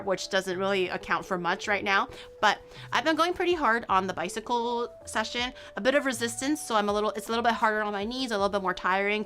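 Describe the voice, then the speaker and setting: A woman's voice: mid-range voice, a bit bright. A young woman streamer chatting casually with her viewers, rambling and teasing them playfully with frequent laughter. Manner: rambling, playful, laughs often, teases chat. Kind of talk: casual live-stream chat.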